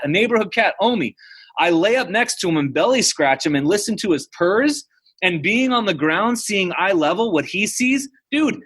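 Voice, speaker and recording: A husky, high-pitched, slightly bright voice belongs to an American man in his thirties. As a podcast guest, he tells personal stories in a laid-back way, full of "like" and "dude."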